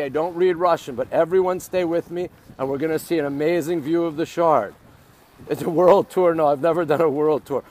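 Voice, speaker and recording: A man's voice: on the high side, a little mellow, a little hiss or hum. A man from the United States livestreaming a walking tour outdoors on a phone, chatting with viewers and urging them to stay with him. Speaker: livestream vlogger. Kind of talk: live walking tour stream. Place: outdoors on a city riverside street. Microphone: phone held while walking.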